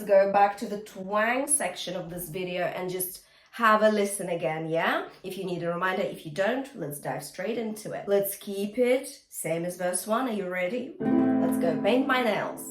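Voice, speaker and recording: This woman is a vocal coach leading a singing lesson, talking the listener through exercises with frequent check-ins and short sung demonstrations. Her voice is mid-range and a bit bright, captured with a roomy sound.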